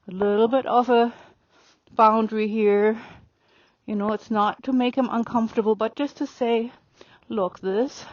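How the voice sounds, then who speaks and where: A woman riding a horse and calmly explaining her training as she goes, pausing to speak softly to the horse. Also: on the high side, dry recording. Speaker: riding instructor. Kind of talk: narrating while riding. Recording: dry, dull lo-fi sound.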